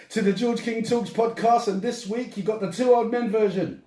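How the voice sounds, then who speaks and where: A man's voice: sits high, moderate pace, few pauses, mellow. An older man hosting his podcast in a loose, chatty way, swearing freely and laughing often. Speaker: podcast host. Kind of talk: casual chat. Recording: echoey room.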